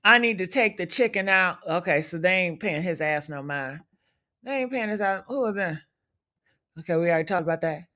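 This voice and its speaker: Her voice is on the low side but sharp, brisk, and lively in intonation as she hosts a livestream. This woman's gossip commentary is loud and unfiltered, profane, sassy, combative, and full of rhetorical questions.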